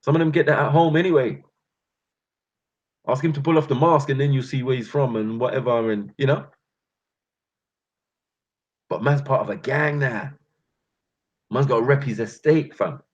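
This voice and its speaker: A man's voice: mid-range voice, highs cut off. A man with a London accent hosting his channel, delivering a passionate rant full of street slang and calling his listeners bruv and fam. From England. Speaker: channel host.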